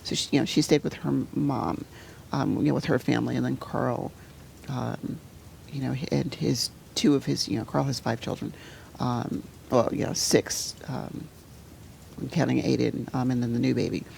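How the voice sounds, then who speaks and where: A middle-aged woman speaks as an interview guest with a deeply gravelly voice. She talks haltingly, restarting sentences and falling almost to a whisper at the hardest points. A faint hiss sits behind her. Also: steady tone. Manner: halting, full of "you know" fillers and restarts; drops to a soft near-whisper at painful moments. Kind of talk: emotional personal storytelling in conversation.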